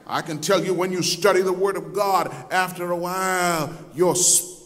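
A man preaching a sermon, telling the story dramatically and acting out voices, moving between loud, intense passages and soft asides. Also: high-pitched, steady tone, moderate pace. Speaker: pastor. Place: church sanctuary. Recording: long hall reverb.

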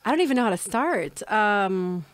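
A woman's voice: mid-range voice, expressive, moderate pace, dry recording. A woman co-hosting a podcast outdoors in a backyard, chatty and goofy, laughing often. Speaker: podcast co-host. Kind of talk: casual chat.

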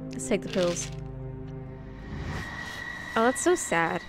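Fairly low in pitch but very animated, this woman speaks at a slow pace. She plays a horror adventure game, reading its text and dialogue in her own voice with dry joking asides, recorded on a studio condenser mic over game music.

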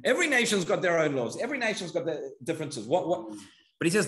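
Animated rabbi in an echoey synagogue. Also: male voice, on the high side, fast. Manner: animated storytelling, voices the characters' questions. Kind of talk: Torah class.

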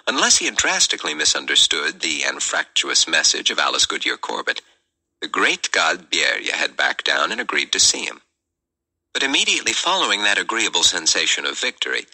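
A man, a podcast host, reading a novel chapter aloud in a measured storytelling delivery. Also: extremely low pitch, sharp tone.

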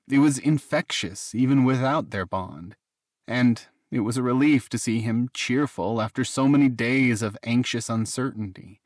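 A man reading a fantasy romance audiobook in a measured, even narration. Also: medium pitch, dry recording, studio quality. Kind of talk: scripted narration.

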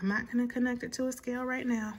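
A woman beauty vlogger chatting casually while unboxing, gushing and excitable. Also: on the high side, fast talker. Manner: gushing and excitable, many "oh my gosh"s. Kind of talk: casual vlog chat. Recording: echoey room with faint noise.

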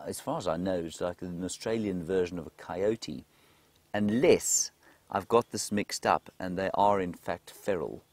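A man giving live safari commentary outdoors in the bush, chatting through viewer questions and dropping to a hushed, excited voice when animals appear. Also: low voice, dry recording. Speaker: safari guide presenter. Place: outdoors in a game vehicle in the bush.

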